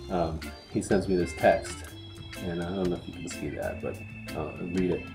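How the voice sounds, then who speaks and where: A man who reviews hot sauces, giving a heartfelt spoken tribute to a friend in a subdued, halting way. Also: low-pitched, fairly even intonation, over music.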